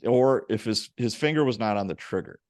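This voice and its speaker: Low-voiced man hosting a podcast. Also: fairly quick, no room sound, studio quality. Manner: animated storyteller, casual and profane. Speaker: podcast host, former police officer. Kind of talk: casual interview chat, storytelling.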